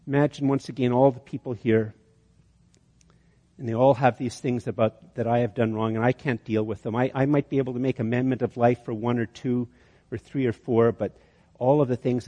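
A man's voice: mid-range voice, mellow. Man preaching in a reverberant hall. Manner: storytelling, repeats words on restarts. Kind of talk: sermon with a story.

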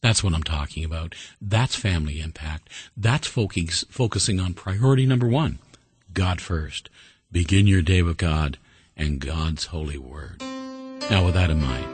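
A man preaching a sermon and telling a folksy story, earnest and steady. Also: deep voice, moderate pace, faint music behind.

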